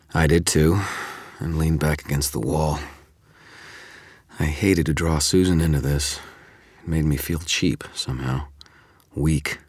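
A man narrating a first-person audiobook chapter in a measured, steady way. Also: very deep voice, no echo, studio quality.

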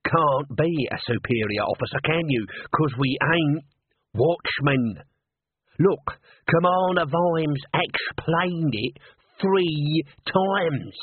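A shifty, bitter little watchman, put on by a male reader, wheedling in a husky voice. It sounds thin and tinny, like a phone line. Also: fairly high pitch, takes it slowly, no room sound, pitched above the performer's own voice. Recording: narrow phone-like band.

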